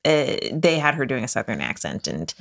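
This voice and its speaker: Low-voiced, wry female podcast co-host. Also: very animated, normal speed, gravelly. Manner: wry, dryly teasing. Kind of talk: casual chat.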